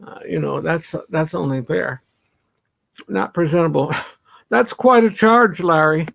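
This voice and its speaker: A man's voice: fairly high pitch, measured pace, fairly bright tone. A middle-aged man from the suburbs, chatting casually on a livestream, greeting viewers by name and laughing often, a little stuffy from allergies. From northern suburbs of Chicago. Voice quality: gravelly, husky. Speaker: livestream host. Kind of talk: casual live-stream chat reading comments.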